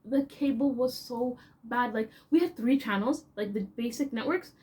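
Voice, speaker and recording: A young woman with a Canadian accent, telling stories in a casual, animated, chatty way as a vlogger. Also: a little high, normal speed. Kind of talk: casual storytelling.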